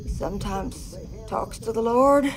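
Woman as gentle older mother, higher voice, soft and apologetic. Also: unhurried, over a noisy crowd, natural voice, low-quality recording. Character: older mother calmly explaining her son.

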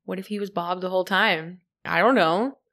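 A woman's voice: on the low side, moderate pace, creaky, fairly bright tone. A woman in casual chat, puzzled and questioning, laughing easily as she talks. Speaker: podcast co-host.

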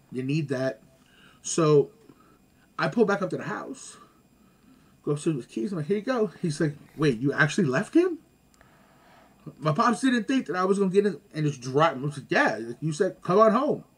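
A man telling stories in casual chat as a guest, animated and slangy, laughing along. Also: fairly high pitch.

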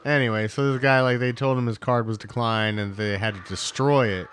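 A man's voice: medium pitch, fairly even intonation, brisk, fairly bright tone. A young man co-hosting a podcast, casually chatting and retelling scenes with swearing and laughter. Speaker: podcast co-host. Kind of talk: casual chat reacting to a show.

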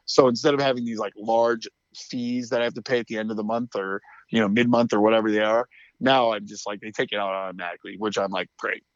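A man's voice: fairly low pitch, steady tone, fast, dry recording, lo-fi sound. A man co-hosting a podcast, chatting casually and telling a story, acting out the quotes and laughing often. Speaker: podcast co-host. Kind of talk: casual chat.

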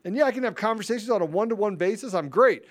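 A man's voice: high voice, animated, rapid-fire. A man hosting a political commentary show, ranting in a fiery, repetitive, emphatic way. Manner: self-described introvert. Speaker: show host.

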